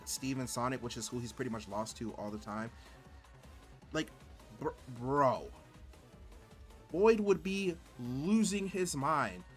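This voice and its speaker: A man streaming and commenting on gameplay in a rambling, exasperated way, full of filler words. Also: mid-range voice.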